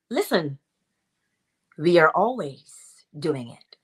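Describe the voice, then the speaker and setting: A woman hosting a spiritual teaching session and answering audience questions. She speaks in an animated way, acts out quoted voices and laughs often. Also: medium pitch, measured pace. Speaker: host and teacher.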